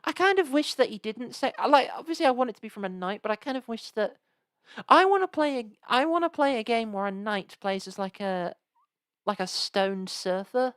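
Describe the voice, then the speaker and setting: A woman's voice: on the high side, lively intonation, a little fast, a bit bright, dry recording. A woman chatting casually and rambling while she live-streams old games. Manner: rambling, chatty, lots of restarts and asides.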